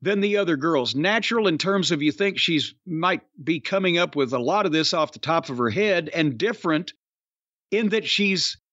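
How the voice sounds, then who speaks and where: A high-pitched man hosts a podcast, blunt and profane, hitting his points with sharp rising stresses. His voice sounds dry and a little dull, like a lo-fi microphone in a dead room. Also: expressive, normal speed, dry recording. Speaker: podcast host reviewing wrestling. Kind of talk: casual podcast chat.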